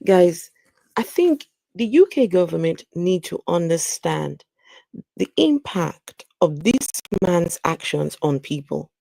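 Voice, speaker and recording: Woman hosting a live chat, gravelly, mellow, animated, exclaiming, dry close sound. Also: lowish voice, takes it slowly, no echo. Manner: animated, exclaiming, reads viewer comments aloud. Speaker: channel host. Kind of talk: casual livestream chat.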